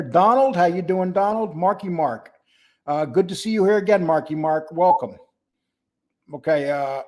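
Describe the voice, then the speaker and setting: A man's voice: high voice, a little mellow. An older man hosting a casual livestream, greeting viewers by name and talking bluntly and mockingly. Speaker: livestream host.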